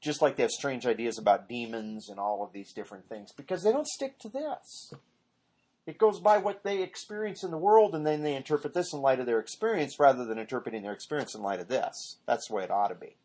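A man's voice: medium pitch, animated, a little fast, darkish tone, breathy edge. A man teaching an informal Bible study, rambling off on tangents and correcting himself as he goes.

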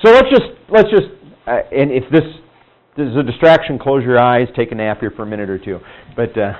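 A man teaching a Bible class in a casual, conversational way, acting out quoted people in higher voices. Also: animated, a little fast, a little hiss or hum. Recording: dull lo-fi room recording.

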